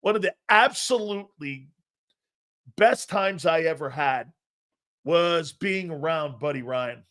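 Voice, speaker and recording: A middle-aged man hosting a sports talk show, telling loud, brash stories and acting out what coaches said. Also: a little high, expressive, slow. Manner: loud, brash storyteller who acts out quotes. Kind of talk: casual sports talk, storytelling.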